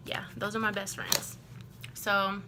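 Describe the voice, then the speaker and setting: A young woman from Texas telling a storytime to her camera in a chatty, animated way, full of "like" and acted-out quotes. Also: mid-range voice, measured pace, noisy background. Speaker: vlogger. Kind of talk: casual storytime.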